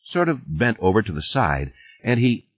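A frank, breezy woman lover speaks offhand in a raised, lively voice, put on by a male audiobook reader. Her tone is husky and low in fidelity, as on an old, dull cassette tape. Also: moderate pace, no echo.

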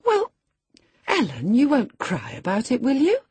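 Woman reading spirited proud young lady, scornful, low and husky. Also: a little slow, no room sound, exaggerated voice. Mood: teasing. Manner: lively, scornful storytelling.

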